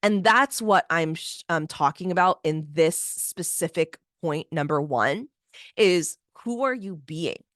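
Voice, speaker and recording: Animated woman coaching, dry close sound. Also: fairly low pitch, unhurried, dry recording. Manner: animated, keeps asking "right?". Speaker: business coach and podcast host. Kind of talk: casual motivational monologue.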